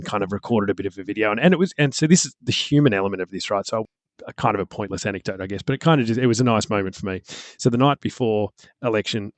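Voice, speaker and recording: A man's voice: lowish voice, no room sound. An Australian man in his thirties, a former candidate telling rambling anecdotes in casual chat. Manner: rambling storyteller with many restarts.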